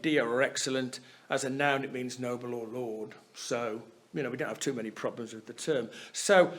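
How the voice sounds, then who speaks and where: Male dharma teacher, mid-pitched, conversational lecturing tone, keeps asking "yeah?". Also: fairly bright tone. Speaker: Buddhist teacher giving a talk. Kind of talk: chatty explanatory dharma talk. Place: Buddhist centre hall.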